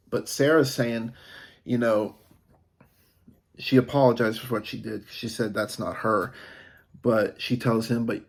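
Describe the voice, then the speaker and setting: A man's voice: mid-range voice, steady tone, unhurried, pauses often. A man giving a casual, rambling review of a TV episode, with many fillers and restarts.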